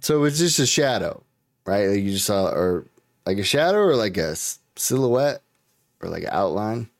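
A man's voice: lowish voice, very animated, normal speed, no echo, clean studio sound. A man casually chatting on a podcast, laid-back, swearing and calling people dude. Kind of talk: casual chat.

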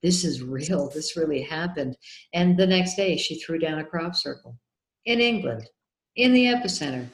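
A woman guest telling an animated personal story in an interview, acting out the voices of people in it. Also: low voice, normal speed. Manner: excitable, acts out remembered dialogue. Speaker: guest, documentary filmmaker. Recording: roomy echo.

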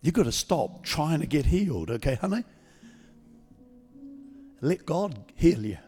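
Guest pastor, male, slightly high voice, relaxed conversational preaching, long church reverb, soft music under it. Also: a little slow. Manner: calm, conversational, not yelling. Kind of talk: sermon with healing prayer. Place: church service.

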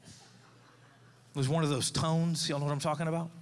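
A man's voice: a little high, little pitch movement, moderate pace, clear, resonant tone. Man preaching in a reverberant church. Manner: storytelling, conversational preaching with asides to the congregation. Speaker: pastor. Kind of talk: sermon. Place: church sanctuary.

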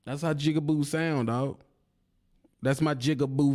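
A man's voice: mid-range voice, normal speed, a little mellow. Man taunting a rival in a rant. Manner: taunting, confrontational, laughs mockingly. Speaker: YouTuber.

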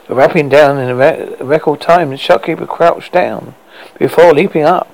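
Gravelly man telling a comic tale. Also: a little high, moderate pace, darkish tone, poor audio. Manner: rambling, stumbling over words. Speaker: podcast host. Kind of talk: comic horror storytelling.

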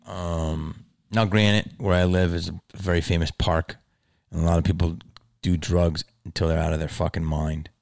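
A man hosting his own podcast, rambling in a casual, profane monologue that swings from mumbles to loud outbursts. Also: low voice, flat delivery, moderate pace, creaky, dry recording, clean studio sound. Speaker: podcast host.

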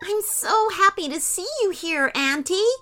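A woman voicing a bold young girl who dreams of being a superhero, in a high, excited childlike voice. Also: measured pace, soft background music, full character voice. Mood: eager.

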